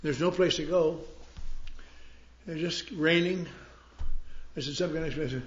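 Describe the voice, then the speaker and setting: A man's voice: fairly high pitch, moderate pace, pauses often. Man, recovery meeting talk, self-mocking humor, dull roomy recording. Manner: wry, self-mocking storytelling. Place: meeting hall.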